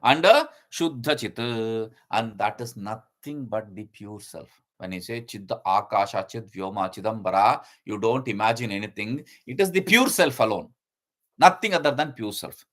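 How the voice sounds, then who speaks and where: A man's voice: on the low side, lively intonation, moderate pace, a bit bright. Man explaining scripture with repeated terms. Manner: explanatory, repeats key terms, hesitant fillers. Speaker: teacher. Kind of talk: spoken commentary on a scripture.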